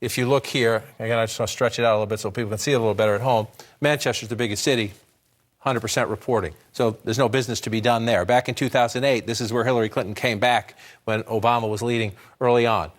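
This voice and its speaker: In a TV news studio, a man gives live election-night analysis at a map, speaking with medium pitch and a steady tone. He explains things briskly while thinking aloud, with quick restarts.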